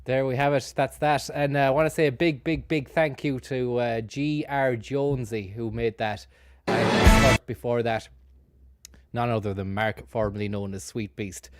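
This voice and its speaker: A man's voice: medium pitch, steady tone, moderate pace, loud music behind the voice. A man streaming, chatting loosely with lots of fillers and hesitations. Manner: rambling, many fillers, grateful. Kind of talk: casual stream commentary.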